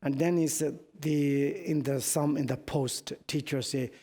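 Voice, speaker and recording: Middle-aged Tibetan-accented man, Buddhist teacher, anecdotal and halting, slightly raised voice, long hall reverb. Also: on the high side, fairly even intonation, dark tone. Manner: halting non-native English, anecdotal, chuckling. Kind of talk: dharma teaching to students.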